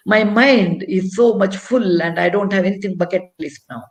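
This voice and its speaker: A woman's voice: mid-range voice, normal speed, reverberant. Older Indian woman telling a story earnestly. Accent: Indian English. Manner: earnest, reflective, repeats phrases for emphasis. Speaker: guest speaker. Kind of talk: storytelling at a public conversation.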